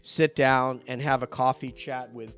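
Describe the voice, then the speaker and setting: A man from New York hosting a casual video call chat, jokey and quick to laugh, often trailing off mid-sentence. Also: medium pitch, fairly even intonation, fairly bright tone, smooth, soft background music. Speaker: host.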